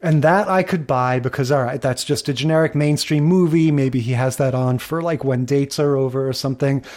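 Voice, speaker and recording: A man's voice: medium pitch, fairly quick, darkish tone. A man co-hosting a podcast, chatting casually and analytically, drifting into tangents and little theories. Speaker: podcast co-host. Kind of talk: casual chat.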